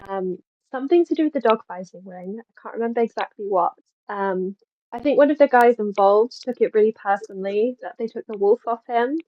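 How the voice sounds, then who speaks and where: A woman's voice: mid-range voice, no room sound, dull audio. A woman co-hosting a podcast, casually and hesitantly recalling a film's plot. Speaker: podcast co-host. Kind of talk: casual film discussion.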